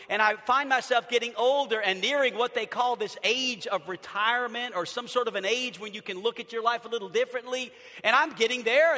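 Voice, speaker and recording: A man in his fifties preaching a sermon as a pastor, swinging between loud bursts and hushed passages. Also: extremely high pitch. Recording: long reverb of a large hall.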